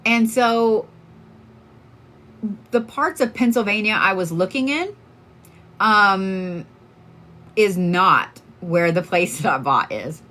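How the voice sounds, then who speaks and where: A woman's voice: mid-range voice, expressive, takes it slowly, long pauses, bright, forceful tone. A woman from Oklahoma, a tarot card reader chatting casually on a livestream, telling stories in a candid, profane way with lots of fillers.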